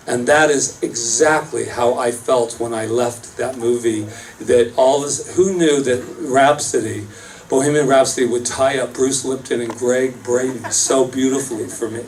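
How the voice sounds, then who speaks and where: A chatty male minister preaching in a loose storytelling style with self-mocking asides. His voice sits a little away from the microphone, and faint room noise carries under it. He speaks at a medium pitch. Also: fairly even intonation, measured pace, recorded from a distance, rough recording. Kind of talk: casual storytelling sermon. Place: church service space.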